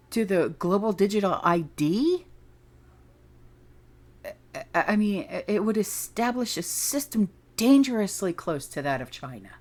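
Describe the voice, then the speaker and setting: A middle-aged woman hosting her own channel, talking in a rambling, indignant monologue that drifts off on tangents. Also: medium pitch. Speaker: channel host. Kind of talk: casual ranting monologue.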